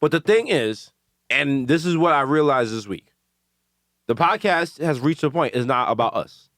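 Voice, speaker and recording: Brief: New York-accented comedy podcast co-host, high and lively, dry close mic. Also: male voice, normal speed, dry recording. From the Bronx, New York. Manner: animated, ranting, slangy, acts out quotes. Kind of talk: casual comedic chat.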